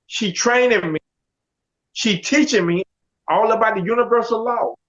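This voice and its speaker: Middle-aged man, high voice, animated storyteller who acts out the dialogue, dull lo-fi audio. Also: normal speed. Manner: animated, quotes others in dialogue. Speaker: guest telling his life story. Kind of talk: casual storytelling.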